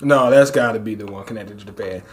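A man hosting a manga reaction show, talking casually and excitably, swearing freely and breaking into shouted exclamations. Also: lowish voice, fast.

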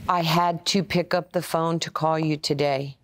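A woman's voice: sits low, moderate pace. Older New woman telling stories. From Brooklyn, New York. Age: 60s. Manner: animated storyteller acting out quoted voices. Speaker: interview guest, former player and coach. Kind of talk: conversational storytelling.

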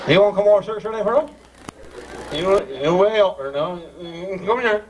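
High-voiced joking Newfoundland emcee. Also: male voice, normal speed, noisy background. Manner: joking, teasing, broad dialect. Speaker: master of ceremonies. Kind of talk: live comic emcee patter. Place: live community celebration. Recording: distant mic over a crowd.

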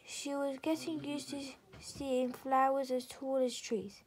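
A woman reading a children's storybook aloud in a soft, gentle, half-whispered way. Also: high voice, little pitch movement, takes it slowly, low-quality recording.

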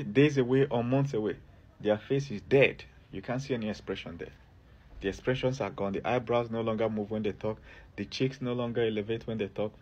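This herbalist's mid-range voice carries a breathy edge, and the recording quality is lo-fi. Facing the camera, he hammers home his health advice over and over, repeatedly telling the viewer to look and listen.

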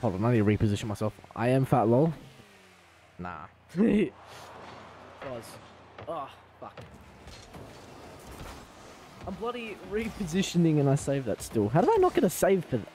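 A man with an Australian accent streaming a car-ball game live, talking to chat and trash-talking opponents in excitable banter. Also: mid-range voice, moderate pace, pauses often, a little hiss or hum. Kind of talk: live gaming commentary.

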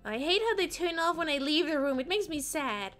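A woman's voice: high-pitched, animated, a little fast, a bit bright, soft background music. A woman streaming a game, chatting playfully with her viewers and giggling often. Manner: playful, giggly, answering chat. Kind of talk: casual live-stream chat while gaming.

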